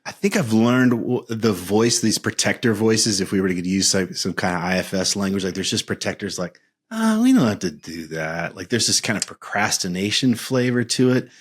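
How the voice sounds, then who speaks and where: Man, 50s, low voice; reflective, earnest podcast guest. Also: moderate pace, few pauses, husky. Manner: earnest, searching, restarts phrases. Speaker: guest men's coach.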